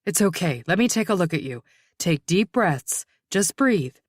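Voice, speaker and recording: A woman voicing a calm, reassuring female police detective who barks orders in a crisis. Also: lowish voice, normal speed, no echo, clean studio sound. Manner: calm and reassuring, sharp when shouting orders.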